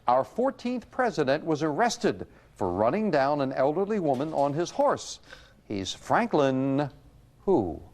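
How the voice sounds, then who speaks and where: A man hosting a quiz show, reading clues and joking with the contestants. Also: a little high. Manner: jovial, playful banter with contestants. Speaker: game show host. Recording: 1980s TV broadcast with loud audience and noise.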